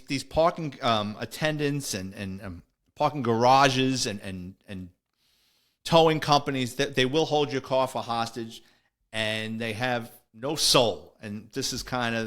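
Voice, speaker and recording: A man's voice: mid-range voice, unhurried, fairly bright tone. A middle-aged man, a former police officer telling a story in a wry, conversational way on a podcast. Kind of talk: casual storytelling.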